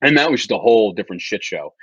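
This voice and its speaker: A man's voice: on the low side, animated, racing, fairly bright tone, husky, no echo, dull audio. A man, a retired Army infantryman, telling war stories on a podcast in a brash, profane way, often slipping into mocking voices. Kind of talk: casual podcast chat with profane storytelling.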